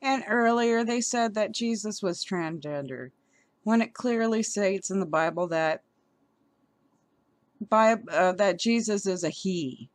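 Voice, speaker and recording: Slow-talking heated woman vlogger. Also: mid-range voice, dry recording. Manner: heated, stumbling over words. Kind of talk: indignant commentary reading an article aloud.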